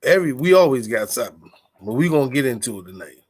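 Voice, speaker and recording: A man's voice: medium pitch, very animated, quick pace, husky. A man from the Washington DC area hosting a podcast in loose, profane, hyped-up casual chat. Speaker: podcast host.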